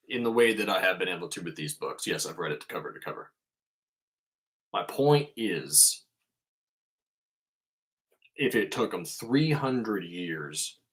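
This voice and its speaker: A man's voice: lowish voice, a bit bright. A man hosting a podcast, giving a casual spiritual monologue in an emphatic way and swearing freely.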